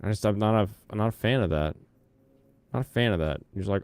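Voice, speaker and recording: A man's voice: lowish voice, animated, brisk, vocal fry, a little mellow, no room sound. A man chatting casually on a live stream, rambling between topics and humming to himself.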